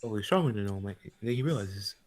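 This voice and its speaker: A man's voice: fairly low pitch, lively intonation, fast talker, dry recording, low-quality recording. A man in casual chat who cuts in with plot ideas while they improvise a fan story together.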